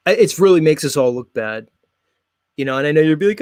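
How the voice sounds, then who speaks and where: A man's voice: fairly high pitch, lively intonation, brisk, darkish tone, no room sound, clean studio sound. A man hosting a show in a casual, mocking, blunt comedic rant. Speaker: host.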